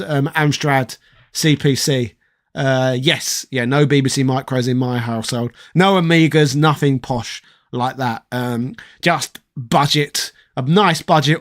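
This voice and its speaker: A man of around forty, from southeast London, hosting a casual livestream in a put-on posh English accent, reading chat and giving opinions with plenty of swearing. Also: fairly high pitch. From southeast London, England. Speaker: host reading live chat.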